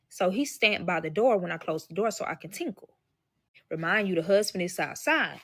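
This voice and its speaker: A woman with a bright, forward voice tells a personal story to her live audience, swearing freely and calling them y'all. She slips into the voices of the people in her tale as she goes. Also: medium pitch, no echo. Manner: profane, emphatic, addresses listeners as y'all; acts out quoted voices. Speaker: storyteller recounting a personal experience.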